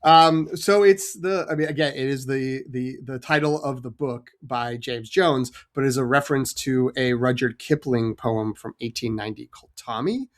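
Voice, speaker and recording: A man's voice: mid-range voice, moderate pace, few pauses. Film podcast co-host, male, loose and rambling, chatty delivery. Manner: rambling, heavy on fillers and restarts. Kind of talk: casual film-discussion chat.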